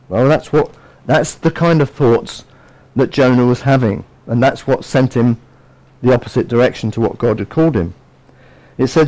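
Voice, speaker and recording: A man preaching a sermon in an animated storytelling manner, acting out what people say. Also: on the high side, normal speed, poor audio. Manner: animated, storytelling, acts out voices.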